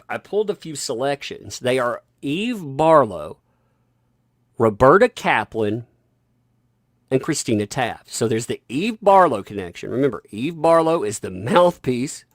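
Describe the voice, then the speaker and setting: A man delivering opinionated commentary into his microphone at home, pressing his points and circling back with restarts. His voice sits mid-range and sounds close and dry, with no room echo. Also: medium pitch. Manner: emphatic, rambling with frequent restarts. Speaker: commentary channel host. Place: home with a basement.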